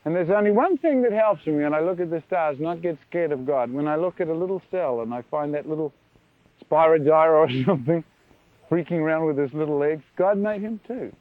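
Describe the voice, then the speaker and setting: A man preaching a sermon in an animated, wondering way, often asking his listeners questions. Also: a little high, a little fast, no echo. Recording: dry tinny phone-like archive recording.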